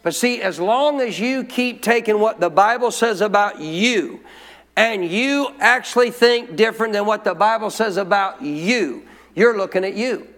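Speaking a little slowly, a pastor with a high, somewhat bright voice delivers an emphatic sermon from a church sanctuary. He draws responses from the congregation, and long reverb echoes through the hall.

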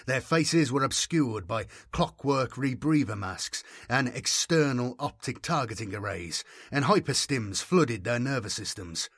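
Male audiobook narrator, grave measured delivery, mid pitch, dry close sound. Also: expressive, fairly bright tone, slightly rough, no echo. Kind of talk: scripted dramatic narration.

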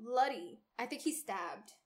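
A woman with a high voice talks through a novel's plot in relaxed, casual chat. She laughs easily and swears freely as she retells each scene. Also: measured pace. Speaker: book club podcast co-host.

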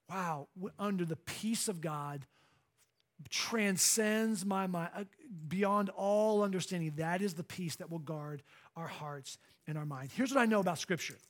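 Middle-aged male pastor, high-pitched, emphatic sermon delivery to a live room. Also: measured pace. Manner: emphatic, swings from loud to hushed. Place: church hall before a live congregation.

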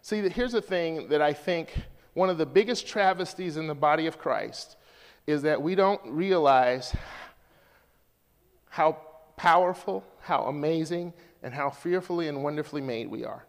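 High-voiced preaching man, echoey hall. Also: normal speed. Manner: swings from hushed to loud and high, calls out to the congregation. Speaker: pastor. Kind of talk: sermon.

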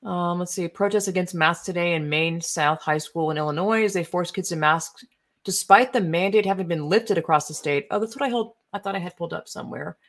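A young woman with a somewhat low voice rants through online posts in loose, off-the-cuff commentary. She sounds indignant and swears freely, trailing off into fillers and restarts as she goes. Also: a little fast. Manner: indignant, profane, rambling with fillers. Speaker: political commentary streamer. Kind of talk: casual ranting commentary while browsing posts.

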